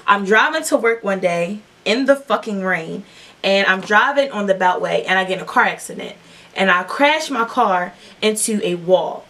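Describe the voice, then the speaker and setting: A woman's voice: medium pitch, animated, normal speed, pushed and bright, recorded from a distance, a little hiss or hum. A young woman telling a long, profane storytime while doing her makeup, rambling with lots of fillers. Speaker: beauty vlogger.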